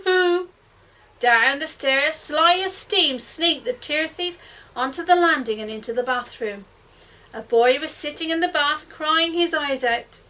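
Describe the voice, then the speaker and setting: Expressive teacher reading aloud. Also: female voice, sits high, distant mic, low-quality recording. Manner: expressive, hushed at suspense. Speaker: primary school teacher. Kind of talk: reading a picture book aloud.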